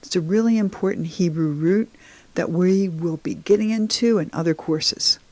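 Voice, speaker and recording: A woman's voice: fairly low pitch, normal speed, mellow, no room sound. A woman teaching a beginners' lesson over slides, encouraging and speaking straight to the viewer. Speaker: Hebrew teacher. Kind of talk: slow, patient lesson narration over slides.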